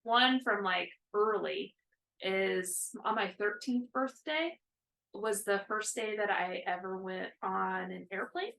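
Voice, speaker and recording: A woman in her thirties chats casually as a co-host, her voice carrying a gravelly fry. She rambles along with plenty of fillers and restarts, at an ordinary pitch. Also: steady tone, slow pace, a bit bright, rough recording. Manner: rambling, chatty, with many fillers. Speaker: co-host of a cross-stitch video chat. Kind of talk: casual chat.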